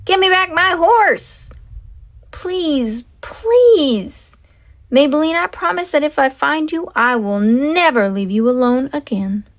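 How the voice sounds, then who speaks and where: A woman reading a storybook aloud and voicing a small, lovelorn man who wants to be a cowboy, calling out in high, dramatic pleas. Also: big pitch swings, unhurried, hardly any pauses, a bit bright, exaggerated voice. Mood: anguished. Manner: high, pleading, dramatic calls. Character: lovelorn little male would-be cowboy.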